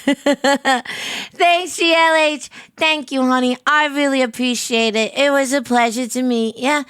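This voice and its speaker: A young adult woman streaming as a VTuber, bubbly and giggly, with a squeaky voice and lots of stammered repeats. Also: steady tone, slow, fairly bright tone, no echo, studio quality. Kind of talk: casual live stream chat.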